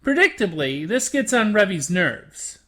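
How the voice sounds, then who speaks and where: A host narrating a scripted anime review in an expressive, animated way. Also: mid-range voice, unhurried.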